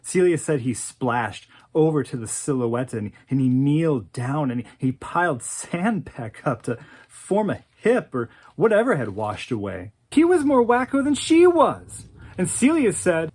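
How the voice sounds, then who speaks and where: A woman in her forties tells a personal memory in an animated, dramatic way, stammering as she restarts her sentences. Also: low-pitched, measured pace, slightly rough. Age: 40s. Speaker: oral history interviewee. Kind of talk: personal storytelling.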